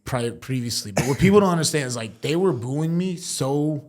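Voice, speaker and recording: A man's voice: medium pitch, animated, moderate pace, a little mellow. A young man in casual podcast chat, telling a story with lots of laughing, swearing and filler words. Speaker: podcast host and fighter.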